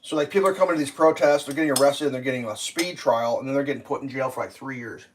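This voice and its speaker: A man's voice: medium pitch, rapid-fire, low-quality recording. A man hosting a casual livestream while cooking, rambling and swearing, with lots of fillers, and faint kitchen clatter behind him. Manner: rambling, profane, filler-heavy. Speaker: livestream host.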